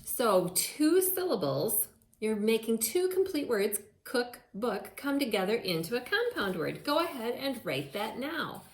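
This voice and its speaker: A woman teaching a phonics lesson to young children, sounding out words in a slow, sing-song way. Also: a little high, big pitch swings. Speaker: elementary school teacher. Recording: echoey room.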